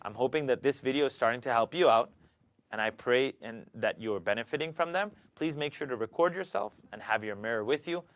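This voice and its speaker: A man teaching Quran recitation, calmly demonstrating letter sounds and asking students to repeat after him. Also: medium pitch, a little fast, smooth. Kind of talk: pronunciation lesson.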